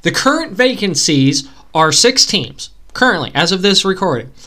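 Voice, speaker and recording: A man co-hosting a podcast on his own, rambling through casual chat. He gets excitable and often breaks into pleading outbursts. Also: high-pitched, normal speed. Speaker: podcast co-host. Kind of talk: casual solo sports chat.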